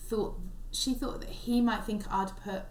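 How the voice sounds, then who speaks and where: A woman's voice: mid-range voice, steady tone, unhurried. Rambling woman telling a story. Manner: rambling and self-interrupting, with many restarts. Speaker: podcast co-host and stand-up comedian. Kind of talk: casual chat, storytelling. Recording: echoey room, faint background noise.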